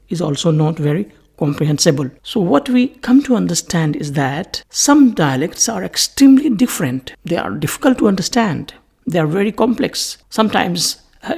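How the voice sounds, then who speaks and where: Gravelly, husky lecturer voice. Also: mid-range voice, a little mellow. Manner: deliberate, repeats terms in lists. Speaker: English language lecturer. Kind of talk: recorded lecture.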